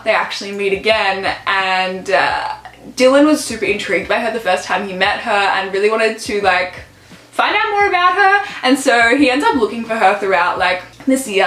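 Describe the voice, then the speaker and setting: A woman's voice: mid-range voice, fairly bright tone. Young woman from Australia, book vlogger, chatty, gushing, roomy echo. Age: young adult. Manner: gushing, chatty, heavy use of "like". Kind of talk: casual chat.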